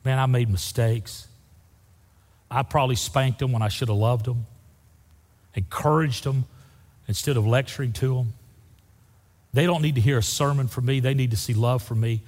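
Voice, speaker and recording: A man's voice: medium pitch, normal speed, pauses often. Fervent older male pastor in a reverberant hall. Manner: fervent, swings from loud to soft. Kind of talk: sermon.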